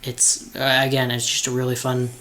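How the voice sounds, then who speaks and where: Calm man co-hosting a casual podcast. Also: medium pitch, normal speed. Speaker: podcast co-host. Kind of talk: casual chat.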